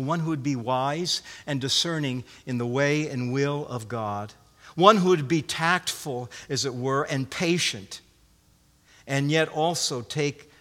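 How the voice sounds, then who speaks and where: A man's voice: a little high, fairly bright tone. A man preaching a sermon, emphatic, repeating phrases and restarting often. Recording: long hall reverb.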